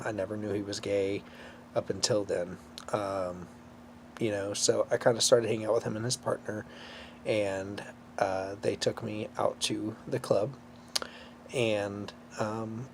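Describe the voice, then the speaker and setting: Emotional man with a gravelly voice. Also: lowish voice, a little mellow, slight background noise. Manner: emotional, halting, many fillers. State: close to tears. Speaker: vlogger. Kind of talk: personal storytelling to camera.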